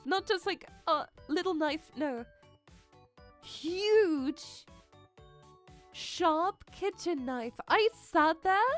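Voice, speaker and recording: A young adult woman streamer telling a story in a casual chat, animated and dramatic, laughing often. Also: high voice. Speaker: VTuber streamer.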